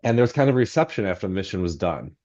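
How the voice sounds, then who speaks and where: Rambling low-voiced man telling a story. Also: sing-song, rapid-fire, a little mellow, highs cut off. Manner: rambling, self-deprecating, heavy on fillers like "um" and "like". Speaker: novelist guest. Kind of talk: anecdotal storytelling in podcast interview.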